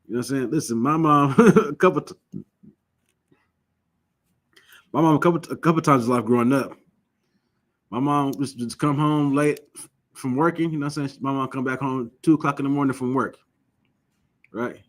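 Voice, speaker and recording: A man teaching a religious class, emphatic and repetitive, often asking the listeners questions and telling lively stories. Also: medium pitch, moderate pace, pauses often. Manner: lively storytelling.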